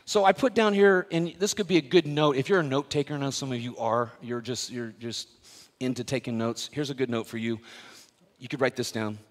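A man's voice: medium pitch, fairly quick. A male pastor preaching a sermon in a church, telling a story with playful asides to the congregation. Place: church worship center. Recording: long hall reverb.

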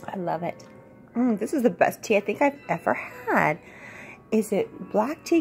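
A middle-aged woman plays along at a pretend tea party as a mother, gushing over every sip with mock-formal politeness. Her voice has a gravelly, creaky edge. Music plays clearly behind her. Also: mid-range voice, big pitch swings, moderate pace, a little mellow. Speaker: mother playing with her child.

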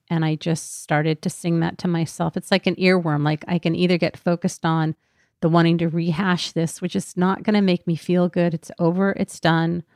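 A woman's voice: lowish voice, a little mellow, dry recording, studio quality. A woman podcast host talking candidly and earnestly about her own healing in a reflective personal talk.

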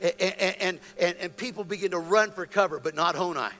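A man preaches from the pulpit of a church sanctuary in a very high, bright voice, stumbling over restarts and then climbing into shouted calls. Long reverb from the big hall trails behind his words. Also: brisk. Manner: impassioned preaching, building to shouted exhortations; stammering restarts and repetition. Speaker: pastor. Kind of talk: sermon.

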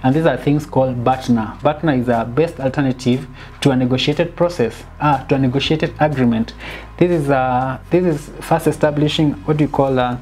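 A woman giving a casual, animated film critique, dropping in bits of Swahili slang and sounding exasperated. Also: very deep voice, moderate pace. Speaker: film reviewer.

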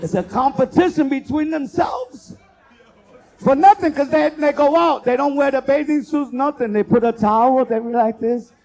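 A man doing a loud, profane stand-up comedy set as host, working the crowd and acting out bits. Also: very high voice, normal speed. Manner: loud, profane, animated crowd work with acted-out voices.

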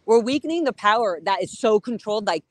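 A woman live-streaming outdoors, chatting casually in a rambling, animated way and swearing freely. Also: medium pitch, fast talker, dry recording. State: hot and sweating. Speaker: livestreamer. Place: outdoors on a city street.

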